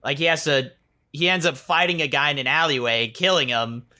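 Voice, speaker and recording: Bright-voiced rambling male podcast host. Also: fairly high pitch, fairly quick. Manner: rambling, restarts sentences, acts out quotes. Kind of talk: casual chat.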